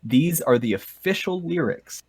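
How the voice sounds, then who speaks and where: A man's voice: a little high, lively intonation, a little slow, husky. A young man co-hosting a casual podcast, chatting and reading aloud while breaking into laughter. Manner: reads aloud with bursts of laughter. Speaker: podcast co-host.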